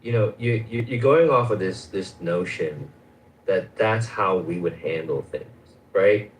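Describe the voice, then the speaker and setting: A man's voice: low-pitched, a little slow, roomy sound, rough recording. A man in a heated stage debate who is insistent and swears, repeating his opponent's name over and over.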